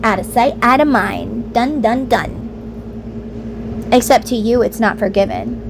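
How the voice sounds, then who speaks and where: A woman's voice: fairly high pitch, measured pace, creaky, background noise. A woman vlogger talking candidly in a rambling, emphatic way and acting out the voices she quotes. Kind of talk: candid personal monologue.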